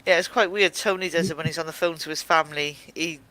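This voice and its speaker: Bright teasing woman in group chat. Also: low voice, steady tone, fast talker, low-quality recording. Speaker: chat participant.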